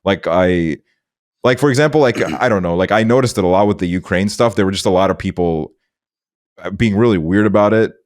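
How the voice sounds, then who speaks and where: Low-voiced man ranting. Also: a little fast. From Estonia. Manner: rambling, heavy filler and swearing. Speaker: podcast host. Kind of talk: casual chat.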